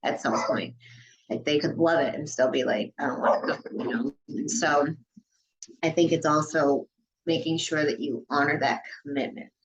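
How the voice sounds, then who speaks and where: Low-voiced chatty woman. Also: moderate pace, lo-fi sound. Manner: chatty, frequent "you know" and "like" fillers. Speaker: dance studio director. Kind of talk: casual podcast conversation.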